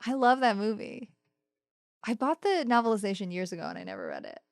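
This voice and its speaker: A woman co-hosting a casual podcast, enthusiastic and quick to laugh. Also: medium pitch, wildly swooping pitch, vocal fry, no echo, studio quality. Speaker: podcast co-host. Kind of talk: casual chat.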